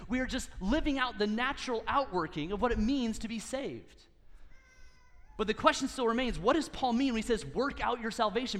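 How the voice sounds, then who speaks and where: High-voiced preacher in a reverberant hall. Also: male voice, a bit bright. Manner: earnest teaching with light humor. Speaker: pastor. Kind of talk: sermon.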